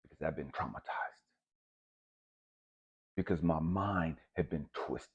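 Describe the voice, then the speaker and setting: A man giving a raw, profane personal testimony, swinging between hushed and loud. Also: very deep voice, a little slow, husky, lo-fi sound. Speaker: speaker sharing a personal testimony.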